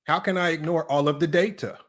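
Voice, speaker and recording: A man's voice: a little high, steady tone, brisk, close to an everyday voice. A man doing a pompous fake-British pundit. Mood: mocking. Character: mocking impression of a male pundit in a fake British accent.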